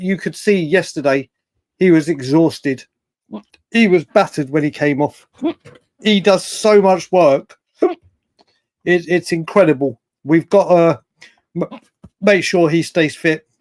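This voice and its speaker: Man, stream host, casual rambling chat, fairly high voice, dry close mic. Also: measured pace, pauses often, darkish tone, dry recording. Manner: chatty, rambling, restarts often, reacts to chat. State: hiccups. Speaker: livestream host. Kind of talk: casual live-stream chat reading comments.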